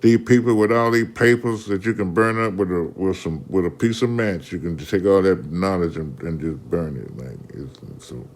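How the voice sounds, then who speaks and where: A man with a low-pitched voice spins a casual story on his podcast. He is slangy and animated and keeps restarting his sentences. A faint hiss runs under the recording. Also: normal speed, hardly any pauses.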